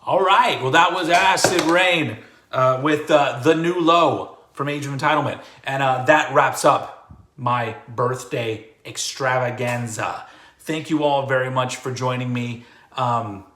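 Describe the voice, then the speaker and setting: A man's voice: medium pitch, a little slow, bright, forceful tone, roomy sound. A man hosting a music show, signing off in a loose, rambling way with many fillers. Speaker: host of a music video show. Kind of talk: casual livestream sign-off.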